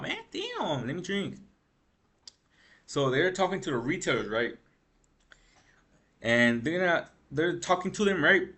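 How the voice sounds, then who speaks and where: Gaming news comes out as a casual, rambling rant from a sleep-deprived man vlogging in slang, his "bro"s and "freaking"s piling up. His voice is mid-range and fairly bright.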